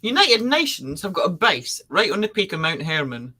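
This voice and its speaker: A woman's voice: fairly low pitch, very animated, normal speed, bright, forceful tone, husky. A woman co-hosting a podcast, chatting casually and teasing out suspense with theatrical questions. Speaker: podcast co-host. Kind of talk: casual conspiracy chat.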